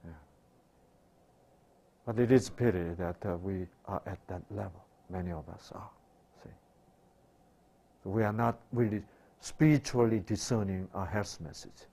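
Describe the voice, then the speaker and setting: A man's voice: deep voice, moderate pace, warm tone, breathy edge. A man giving a sermon-style health talk, asking rhetorical questions and answering them himself, with broken, repetitive phrasing. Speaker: health lecturer.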